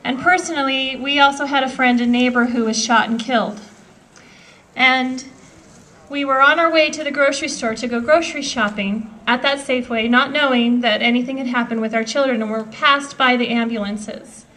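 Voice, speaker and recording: A woman's voice: high voice, fairly even intonation, normal speed, bright, forceful tone, rough recording. A woman in her thirties giving an earnest, emotional speech at an outdoor political rally. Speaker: rally speaker.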